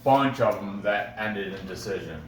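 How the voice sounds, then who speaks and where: Fairly low in pitch and animated, a man at a moderate pace talks through his sports betting picks in a chatty, rambling video, often fixing his own words and bursting into laughs. The sound is roomy and far off, with faint noise behind him.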